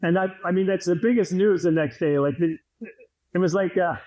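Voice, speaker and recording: A man's voice: high-pitched, a little fast, warm tone, poor audio. A man in his fifties, a podcast guest and former hockey player, telling long rambling stories in casual chat and laughing as he goes.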